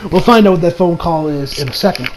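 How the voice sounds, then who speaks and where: A young man with a high, light voice recaps an anime episode in loose, rambling chat. He gets excitable, swears freely and fills his talk with "you know". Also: fast, slight background noise, poor audio. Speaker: anime reviewer.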